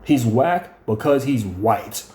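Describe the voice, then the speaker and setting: A gushing, flirtatious woman piles on compliments, as a man quotes her in his own voice. The delivery drops a little lower and slows down. Echo from the room hangs around every word. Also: animated, dark tone, lightly acted.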